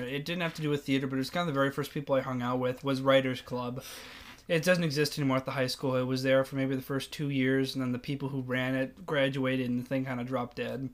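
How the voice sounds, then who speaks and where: A young man co-hosting a casual chat podcast, telling animated stories and acting out quoted lines. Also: mid-range voice. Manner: animated storyteller, acts out quotes loudly. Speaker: podcast co-host.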